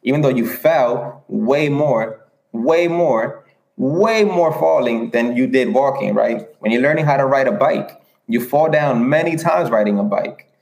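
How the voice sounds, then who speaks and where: A man's voice: medium pitch, lively intonation, unhurried, vocal fry, darkish tone, echoey room, low-quality recording. A man giving an earnest motivational talk on a livestream, repeating himself and asking rhetorical questions. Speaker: motivational speaker.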